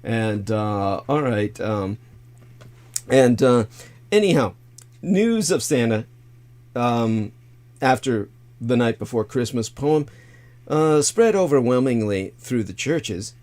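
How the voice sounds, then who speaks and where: A man's voice: mid-range voice, animated, slow, long pauses, darkish tone. Irreverent man rambling on a livestream. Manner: irreverent, jokey, crude asides; loose and digressive, many fillers. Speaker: livestream host. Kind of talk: casual rambling monologue.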